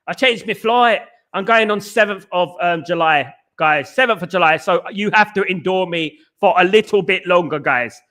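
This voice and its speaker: Chatty stream host, guy with a high bright voice, rambles and repeats himself. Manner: rambling and jokey, repeats phrases, lots of fillers. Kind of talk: casual live-stream chat reading comments.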